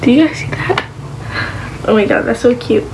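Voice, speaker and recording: A woman chatting casually to the camera as a vlogger, her voice sitting a little on the high side. She rambles, backtracks and fills gaps with "like" and "um". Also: normal speed, background noise. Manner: rambling, with many fillers like "like" and "um".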